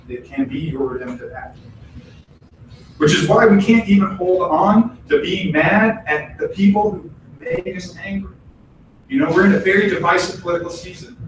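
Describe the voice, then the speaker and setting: Temple minister, male, high pitch, relaxed and animated preacher; recorded from afar in a reverberant hall. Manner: animated, acts out quoted voices, chatty asides. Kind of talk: casual conversational sermon. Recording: echoey hall, distant mic, faint noise.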